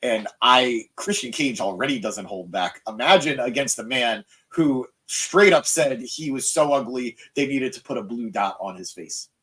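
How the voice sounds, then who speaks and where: A young man hosting a live wrestling review podcast. He reads out viewer comments and answers them in a joking, excitable, self-mocking way, with frequent fillers. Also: mid-range voice, moderate pace, hardly any pauses. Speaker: podcast host.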